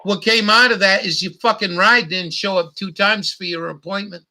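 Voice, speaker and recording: A man's voice: sits high, steady tone, normal speed, sharp tone. A middle-aged man hosting a livestream, talking bluntly with lots of swearing and repetition. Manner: blunt, profane, repetitive ranting. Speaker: livestream host. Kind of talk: casual livestream chat.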